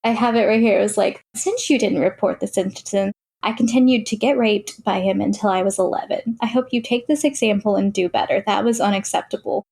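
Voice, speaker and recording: A young woman speaks in an interview at an ordinary mid pitch. She recounts her past plainly and matter-of-factly. Her speech is loose and full of "like" fillers. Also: a little fast, creaky, few pauses, darkish tone, breathy edge. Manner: plain, matter-of-fact retelling with frequent "like" fillers. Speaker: interview guest. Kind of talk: personal testimony in an interview.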